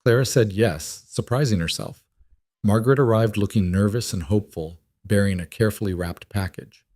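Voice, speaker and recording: Low, dry male story narrator. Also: normal speed, a little mellow, no echo.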